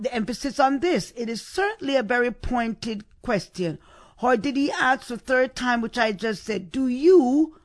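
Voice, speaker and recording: Female devotional podcast host, slow and measured delivery, repetitive, full of rhetorical questions. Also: a little high. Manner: repeats phrases and asks the listener rhetorical questions. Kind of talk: devotional scripture reflection.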